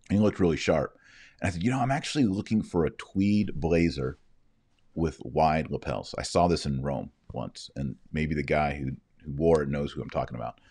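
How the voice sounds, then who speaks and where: A man with a very deep voice talks straight to his audience in a loose, casual monologue. He rambles from story to story, growing animated as he goes. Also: a little fast, breathy edge, dry recording. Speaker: host.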